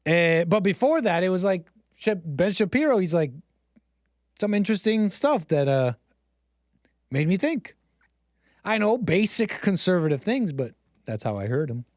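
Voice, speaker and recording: Male livestream host, rambling sarcastic commentary, slightly high voice, dry close mic. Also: very animated, moderate pace, long pauses, dry recording. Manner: rambling, sarcastic, mocks others with exaggerated gasps.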